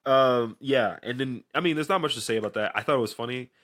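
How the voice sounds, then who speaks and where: A man's voice: mid-range voice, fast. A man co-hosting a casual podcast, chatting about anime, laughing often and acting out scenes in funny voices. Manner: animated, laughing, acts out scenes. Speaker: podcast co-host. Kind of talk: casual chat.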